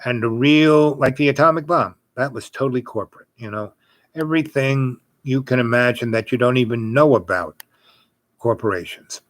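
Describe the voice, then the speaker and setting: Middle-aged man, host telling a rambling personal story, mid-pitch voice, dry close sound. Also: normal speed, dry recording. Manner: rambling, with many fillers and restarts. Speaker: podcast host. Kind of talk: casual storytelling.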